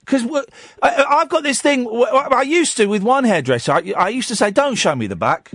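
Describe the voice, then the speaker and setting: Animated high-voiced radio host. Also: male voice, fairly quick, dry recording, studio quality. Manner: animated, chatty, laughs at his own stories. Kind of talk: casual radio chat. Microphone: studio microphone.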